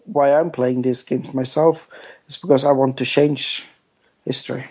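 Flat-voiced hesitant male guest. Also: mid-range voice, breathy edge. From Sweden. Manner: hesitant, plain-spoken, halting restarts. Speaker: game studio guest. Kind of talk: casual interview answers.

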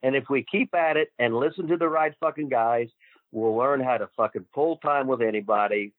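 A man's voice: mid-range voice, brisk, dry recording. An older man, a guest wrestler, telling stories full of swearing and acting out what others said. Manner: swears constantly, acts out quoted dialogue. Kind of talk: profane storytelling. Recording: tinny phone line, dry.

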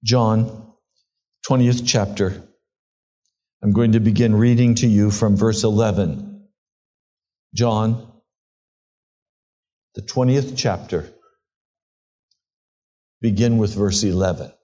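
A pastor preaching a sermon, reading scripture and retelling it in a slow, earnest storytelling way. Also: male voice, fairly low pitch, warm tone.

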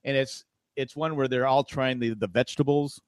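A man's voice: mid-range voice, steady tone, normal speed, no echo. A man co-hosting a podcast in casual chat, joking and ranting in mock exasperation. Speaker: podcast co-host.

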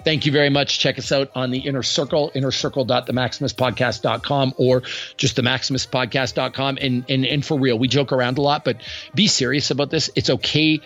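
A man's voice: mid-range voice, fairly even intonation, brisk, a bit bright. A man hosting a podcast, chatting casually and telling joking stories with lots of restarts. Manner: joking storyteller, trails into restarts. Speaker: podcast host. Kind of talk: casual chat.

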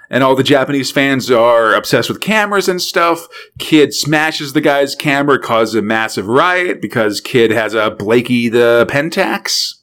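A man in casual podcast chat, recapping an old cartoon in a laid-back, rambling way. He speaks at an ordinary middle pitch, filling gaps with "uh" and "like" and laughing easily between points. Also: a bit bright. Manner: laid-back storytelling with frequent fillers and laughs.

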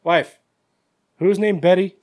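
A man's voice: high voice, fairly even intonation, slow, a little mellow, dry recording. A man co-hosting a casual podcast about horror movies, joking and laughing as he talks. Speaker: podcast co-host. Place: same room as co-host, dry recording.

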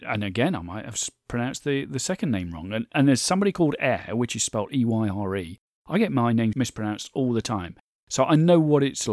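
A man hosts his podcast alone, talking in an earnest, grateful way and wandering into chatty asides. His voice is lively and goes up and down a lot. The sound is dry and close, with no room around it. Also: medium pitch, no echo. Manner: earnest, thankful, reads listener reviews aloud; stumbles over names, chatty asides. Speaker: podcast host. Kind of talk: solo podcast monologue.

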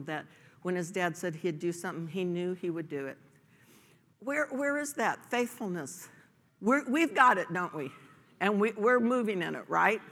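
Woman pastor, bright, forceful sermon delivery in a reverberant church hall; emphatic rhetorical questions. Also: medium pitch.

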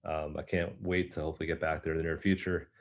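Man, very deep voice, relaxed storyteller, lots of fillers. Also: quick pace, muffled recording. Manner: relaxed, anecdotal, many fillers. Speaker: golf professional, guest. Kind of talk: storytelling in an interview.

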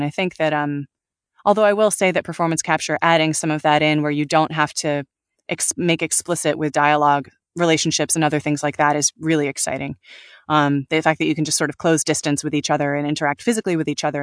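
Animated woman voice actor, dry sound. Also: low-pitched, no echo. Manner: animated, laughs often, trails off and restarts. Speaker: voice actor guest. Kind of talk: casual interview talk.

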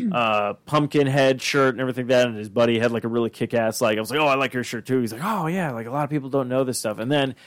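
A man's voice: mid-range voice, expressive, fast, no echo. Man telling a rambling con story. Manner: rambling, many fillers and restarts; acts out quoted dialogue. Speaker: podcast host. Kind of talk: casual storytelling chat.

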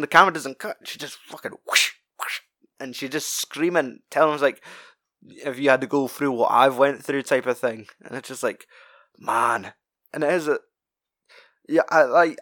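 A man's voice: medium pitch, a bit bright, no echo, studio quality. Sweary man chatting casually. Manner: sweary, rambling, laughs often. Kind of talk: casual film discussion.

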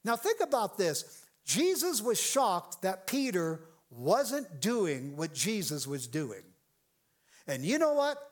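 Animated high-voiced man preaching. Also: takes it slowly. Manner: animated preaching, acts out quoted voices, jokes with the congregation. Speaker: pastor. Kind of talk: sermon. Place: church sanctuary with congregation.

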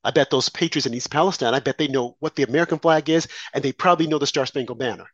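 A man's voice: medium pitch, quick pace, no echo, dull audio. A man giving heated, sarcastic political commentary as a guest, speaking indignantly to the host. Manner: indignant, sarcastic, rising to shouts.

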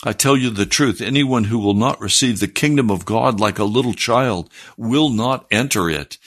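Husky-voiced man preaching. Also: mid-range voice, moderate pace, a bit bright. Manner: earnest preaching, rising to fervent emphasis. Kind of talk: sermon.

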